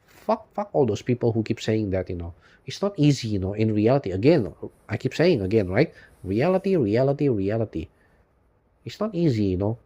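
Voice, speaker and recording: A man speaks in a low, mellow voice, alone and unscripted. His talk is weary and despondent and keeps circling back on itself. He packs in "you know" and curses freely. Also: sing-song, fairly quick. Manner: rambling, constant "you know" fillers, frequent swearing. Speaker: YouTube channel host. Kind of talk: unscripted personal monologue.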